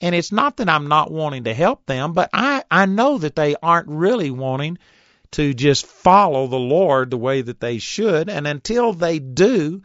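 A man in his fifties giving an earnest Bible teaching, reading scripture slowly and deliberately, on a recorded tape. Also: a little high, fairly bright tone, dry recording. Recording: dull, dry tape recording.

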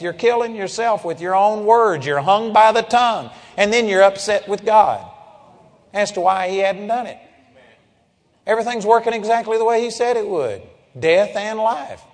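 A man with a high-pitched voice preaching a sermon. He hammers his points with emphatic declarations, then drops into low, intense passages. His voice carries a long hall reverb.

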